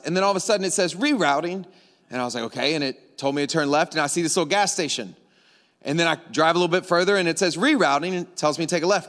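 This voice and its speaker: High-voiced casual pastor in a big hall. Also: male voice. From Louisiana. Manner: casual, joking, animated storyteller. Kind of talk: sermon with storytelling. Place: large church auditorium. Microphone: stage microphone. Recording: long hall reverb.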